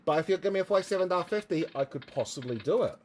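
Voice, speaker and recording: Racing along in a high, expressive voice with a darkish tone, a New Zealand-accented livestream host and motorsport commentator jokes and rambles with his viewers. The chat is casual and full of jokey asides, with slight background noise.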